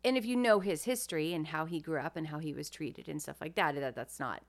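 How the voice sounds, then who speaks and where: A woman's voice: low voice, fairly quick. A woman co-hosting a podcast, telling a family story in a chatty, wry way and thinking aloud as she goes. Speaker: podcast co-host. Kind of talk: casual storytelling chat.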